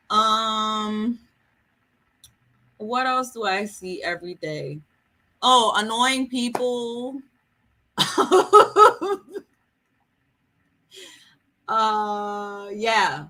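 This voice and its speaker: A woman's voice: a little high, sharp tone. A woman hosting a book vlog, chatting casually and jokingly with viewers during a livestream. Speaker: book vlogger host. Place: home in a city.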